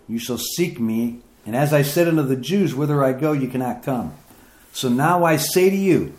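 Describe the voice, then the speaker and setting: A man preaching a sermon, reading scripture aloud and explaining it, his voice climbing higher as he presses his points. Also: a little mellow, reverberant. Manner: reads scripture aloud then comments, rising in pitch as he grows emphatic.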